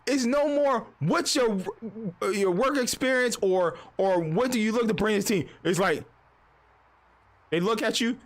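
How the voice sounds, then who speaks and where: High-voiced man on a profane rant. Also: moderate pace. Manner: profane, rambling, storytelling with animated asides. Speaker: streamer. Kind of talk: casual live-stream rant.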